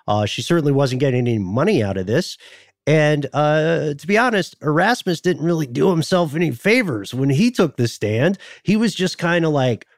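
A man from Tennessee, co-hosting a podcast and retelling a history story in a relaxed, joking way. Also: mid-range voice, no room sound, clean studio sound. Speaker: podcast co-host. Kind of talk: casual chat, storytelling. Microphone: studio mic, remote video call.

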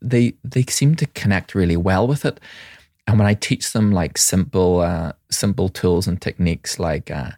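A man in middle age talks in a low, warm register, recorded dry and close with no room sound. He works in mental health and tells stories with animation, slipping into the voices of the people he quotes. He often restarts his phrases as he thinks aloud. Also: normal speed, no echo. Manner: frequent restarts and repetitions. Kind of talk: conversational podcast talk.

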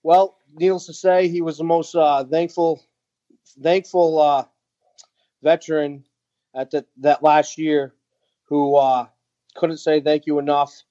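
A man telling a heartfelt story as a podcast guest, earnest and halting with many fillers. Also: fairly high pitch, little pitch movement, warm tone, no room sound, muffled recording. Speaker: guest, veteran nonprofit founder.

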